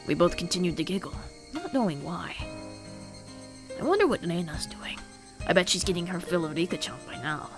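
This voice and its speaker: A woman's voice: fairly low pitch, lively intonation, a little fast, over music. A woman reading as a wistful teenage boy. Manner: soft, reflective narration. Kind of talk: reading a visual novel aloud.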